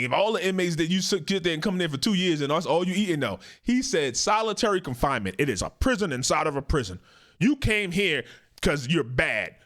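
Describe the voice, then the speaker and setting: Man, reaction host, casual ranting commentary, profane, fairly high voice. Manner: blunt, profane, animated ranting.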